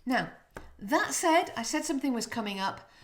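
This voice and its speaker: A woman teaching French pronunciation, demonstrating sounds slowly and coaching the viewer to repeat. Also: a little high, expressive. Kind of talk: pronunciation lesson to camera.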